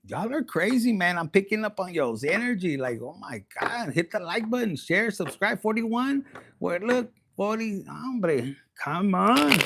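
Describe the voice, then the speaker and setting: A man giving a casual livestream tarot reading, profane and animated, dropping into Spanish slang. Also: high-pitched, a little hiss or hum. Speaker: tarot reader.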